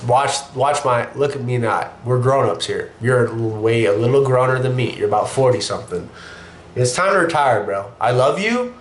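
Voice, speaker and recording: A young man hosting a casual sports opinion show, blunt and profane, sick with a cough. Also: medium pitch. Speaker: show host. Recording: echoey room with faint noise.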